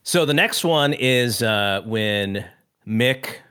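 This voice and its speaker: A man's voice: medium pitch, animated, extremely slow, pushed and bright, clear, resonant tone, no room sound, clean studio sound. A man co-hosting a podcast, retelling film scenes at length and acting out the characters' lines in a casual chat. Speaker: podcast co-host.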